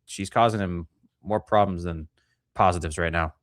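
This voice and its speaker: A man co-hosting a casual livestream review, talking at a middle pitch into a close, dry mic. He is animated and swears freely, and his pitch jumps sharply whenever he acts out a scene in a mocking voice. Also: normal speed, no room sound. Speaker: podcast co-host.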